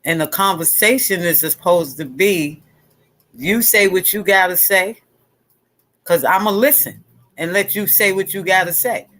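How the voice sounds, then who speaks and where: A woman's voice: fairly low pitch, unhurried, fairly bright tone. A woman hosting a casual chat, speaking bluntly and repeating her points for emphasis. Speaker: host.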